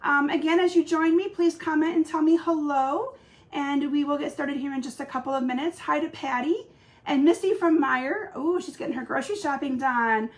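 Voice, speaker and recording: Chatty woman with a slightly hoarse voice. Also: sits high, moderate pace. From Michigan, US. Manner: chatty, greets viewers by name, many fillers. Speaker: craft demonstrator hosting a weekly live stream. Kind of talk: casual live-stream chat with viewers.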